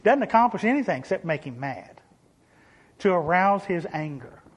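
A man's voice: sits high, sing-song, normal speed, husky. Earnest man preaching. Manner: earnest preaching with sudden emphatic rises and sarcastic asides. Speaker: pastor. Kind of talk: sermon.

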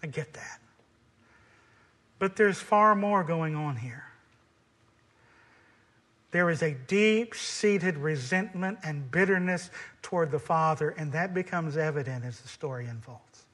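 A man's voice: on the high side, a little slow, long pauses, a bit bright. A man preaching a sermon on a scripture passage, building emphasis through repetition.

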